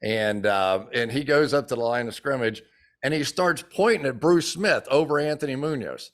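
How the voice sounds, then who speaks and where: An older man in his sixties talks football in a relaxed interview. His pitch is middle, and he brings his anecdotes to life by acting out the people in them. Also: normal speed. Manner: animated storyteller who acts out quotes. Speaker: former football player and TV analyst. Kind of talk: casual interview chat.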